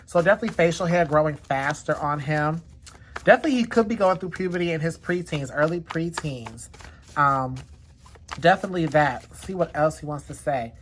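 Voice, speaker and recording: Lady host doing a casual card reading, chatty, kinda low voice, says definitely a lot. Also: lively intonation, fairly quick, a little hiss or hum. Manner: chatty, repeats "definitely" often. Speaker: tarot card reader.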